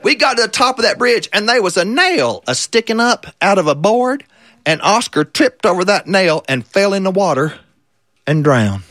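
Brief: man playing a deadpan old country farmer, drawl, bright voice, dry close mic. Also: high-pitched, moderate pace, no echo. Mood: earnest. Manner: folksy, rambling, deadpan tall-tale telling. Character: old rambling country farmer telling a tall tale.

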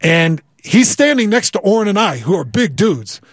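Man, husky voice, animated storytelling, repeats words, dry close sound. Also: high voice, normal speed, dry recording. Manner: vivid, repeats words, acts out quoted voices. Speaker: guest telling a story.

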